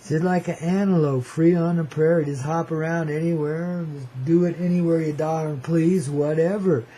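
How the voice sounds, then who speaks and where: Warm and steady, this radio host's fairly high voice moves at a normal speed as he drifts through a loose, cosmic, hippie-style monologue full of slang and playfulness, addressing his audience as "baby." The low-quality recording carries slight background noise.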